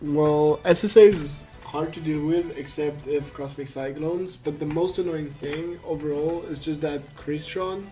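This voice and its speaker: A man's voice: a little high, fairly even intonation, a little slow, hardly any pauses, mellow, soft background music. A man from France whose first language is French, casting a live card game match in English in a chatty, easygoing way with lots of fillers and restarts. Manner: chatty, laughs easily, many fillers and restarts. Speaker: esports caster. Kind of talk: casual live game commentary.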